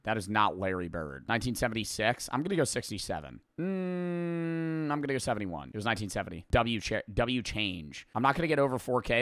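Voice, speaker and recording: A young man streaming a game, chatting casually, thinking out loud and swearing often. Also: mid-range voice, no echo, studio quality. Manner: excitable, profane, thinking out loud. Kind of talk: casual live-stream gameplay commentary.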